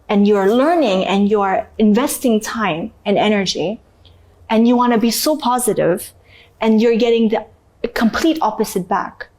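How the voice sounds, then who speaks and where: A woman guest from Canada telling her story in an interview, animated and acting out the people she met. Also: fairly high pitch. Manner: animated, acts out other people's voices. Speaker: guest, actress.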